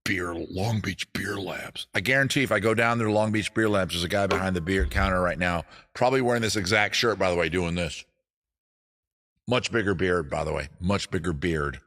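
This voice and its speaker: A man with a low, fairly bright voice and a slightly fast pace hosts a casual comedy stream from his home studio. He rambles loosely, swears, and hops between bits and asides, picked up by a streaming setup with cameras.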